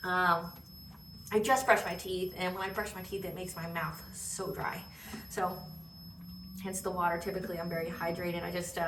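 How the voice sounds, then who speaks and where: A woman talks through a tarot reading in a loose, rambling way, often stopping to ask "okay?" Her voice sits low but sounds bright and forceful. The mic is a little distant, so the room echo comes through. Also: little pitch movement, normal speed, slight background noise. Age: adult. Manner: rambling, many fillers and "okay?" check-ins; laughs while telling stories. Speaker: tarot reader. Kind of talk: casual spiritual reading.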